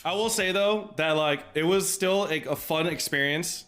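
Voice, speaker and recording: A man in his thirties, a streamer telling a story to his live chat in a casual, animated way, swearing freely. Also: on the high side, moderate pace, clear, resonant tone. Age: 30s.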